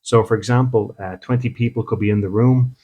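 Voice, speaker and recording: With a mellow, husky mid-range voice and fairly even intonation, this Irish man talks a little fast. He's a spiritual medium and podcast host who chats with his audience, performs small dialogues, and keeps asking "okay?".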